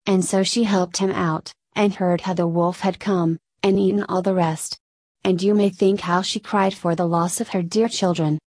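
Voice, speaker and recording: A woman's voice: fairly low pitch, steady tone, moderate pace, a little mellow, dry recording. Woman reading a fairy tale aloud. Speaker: storyteller.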